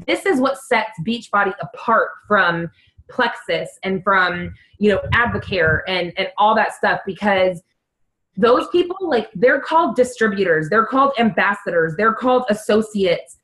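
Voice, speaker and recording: A young adult woman coaching her team on a call, earnest and animated, with quick bursts and lots of "like". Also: mid-range voice, poor audio. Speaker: fitness coach.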